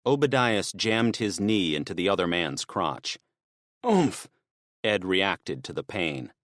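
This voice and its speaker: A man narrating an audiobook in a steady, measured way. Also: low voice, no echo, clean studio sound. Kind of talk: scripted narration.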